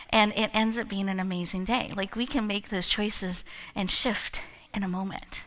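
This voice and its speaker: Bright, playful woman emceeing. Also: mid-range voice, normal speed. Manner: animated, laughs often, leads the crowd. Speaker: event emcee. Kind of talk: playful motivational storytelling to a live audience. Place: event hall with an audience.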